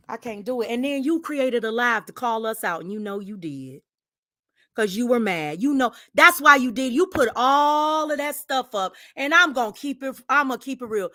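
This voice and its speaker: An older woman hosting a livestream, talking in an emphatic casual rant that swings from loud to hushed, with sighs. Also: fairly high pitch, lively intonation, normal speed. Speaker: livestream host.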